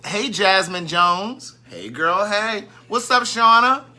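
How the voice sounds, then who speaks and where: A man's voice: high-pitched, expressive, slow pace, sharp tone, soft background music. A man hosting a casual live stream, chatting and greeting viewers by name, and easily sidetracked.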